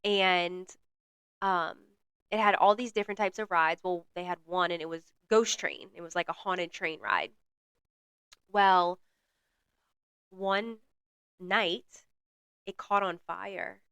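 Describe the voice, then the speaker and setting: A woman's voice: fairly low pitch, slow pace, long pauses, fairly bright tone, clean tone, no echo. A woman co-hosting a book podcast, chatting animatedly and telling stories in a casual way. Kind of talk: casual chat.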